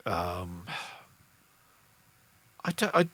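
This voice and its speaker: Middle-aged male streamer with a Lancashire lilt, slow and meandering delivery. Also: lowish voice, vocal fry, fairly bright tone, no echo. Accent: English, Lancashire with Midlands traces. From England. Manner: rambling, self-interrupting, reads chat comments aloud. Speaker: livestream host, musician. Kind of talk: casual livestream chat.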